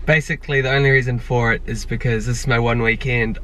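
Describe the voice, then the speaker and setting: A man's voice: medium pitch, fairly even intonation, fast talker. A young man, chatting casually and matter-of-factly. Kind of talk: casual chat. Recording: dull, very noisy outdoor audio.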